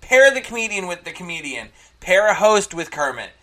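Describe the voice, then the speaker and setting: A podcast co-host with a bright, forward voice that swoops animatedly as they recap an episode. Enthusiastic and opinionated, they swear freely in casual chat. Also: medium pitch, sing-song, a little fast.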